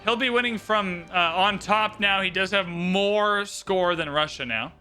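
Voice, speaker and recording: Bright-voiced joking male game commentator. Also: high-pitched, a little slow, clear, resonant tone. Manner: joking, chatty, playful asides. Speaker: livestream host and commentator. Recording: game music behind.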